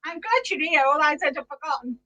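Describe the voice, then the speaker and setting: A woman's voice: high voice, expressive, fast talker, bright, forceful tone, dull audio. A middle-aged woman hosting a live knitting podcast, chatty and giggly, greeting viewers by name. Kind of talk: casual live-stream chat.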